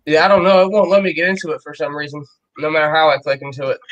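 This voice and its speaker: A man's voice: on the high side, rapid-fire, a bit bright, dull audio. A man joking with crude slang in a casual group voice chat.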